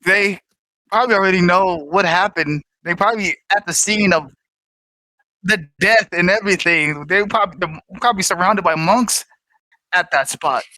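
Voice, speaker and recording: A woman's voice: fairly low pitch, moderate pace, sharp tone, no room sound. A woman playing in a tabletop game, chatting casually with stumbling restarts. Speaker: player. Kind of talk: tabletop role-play chat.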